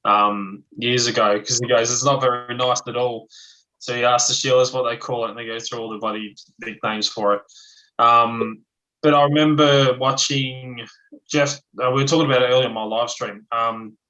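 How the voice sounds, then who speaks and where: A man's voice: medium pitch, pushed and bright, rough recording. A man with an Australian accent chatting casually, blunt, swearing freely and laughing often. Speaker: livestream guest, ex-chef. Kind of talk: casual chat.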